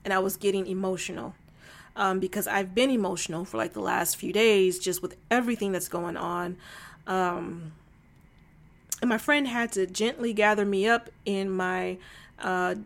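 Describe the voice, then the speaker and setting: A woman's voice: medium pitch, fairly even intonation, normal speed, gravelly. A woman talking casually to camera in a vlog, emphatic and exasperated, with lots of fillers. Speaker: vlogger.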